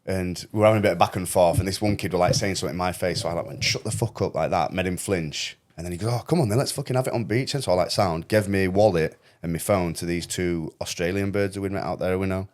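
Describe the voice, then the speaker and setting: A man's voice: low voice, quick pace, few pauses. A young man, hosting a podcast and telling a wild story in casual, swear-laden chat. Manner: swearing, animated storytelling with quoted voices. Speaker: podcast host.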